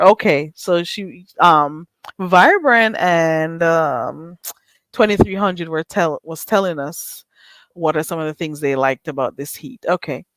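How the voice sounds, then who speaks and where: A woman's voice: low-pitched, unhurried, fairly bright tone, no echo. A woman hosting a live stream, chatting loosely and reading viewer comments aloud.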